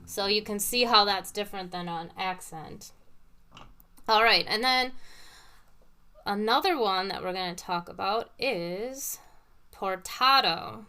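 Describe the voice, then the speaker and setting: A woman piano teacher with a bright, crisp, smooth voice. She explains patiently, using everyday comparisons. Piano notes are heard between her phrases. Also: mid-range voice. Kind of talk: casual teaching talk with demonstrations. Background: piano played between phrases.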